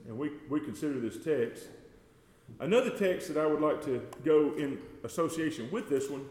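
Folksy preacher in an echoey church. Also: male voice, on the high side. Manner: folksy, addresses congregation as y'all; swells loud and slows on scripture quotes. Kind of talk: sermon. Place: church sanctuary. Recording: echoey church hall with long reverb.

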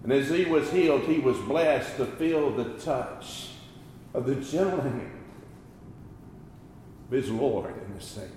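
A man preaching a sermon, slow and deliberate, rising and falling in force. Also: medium pitch, lively intonation, very echoey, in a large hall, slight background noise, low-quality recording. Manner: slow, deliberate preaching with swells and drops in loudness.

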